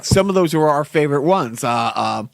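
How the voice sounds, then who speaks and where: A man's voice: fairly high pitch, expressive, fairly quick, vocal fry. A middle-aged man co-hosting a podcast, chatting casually and animatedly, laughing often. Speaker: podcast co-host. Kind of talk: casual chat.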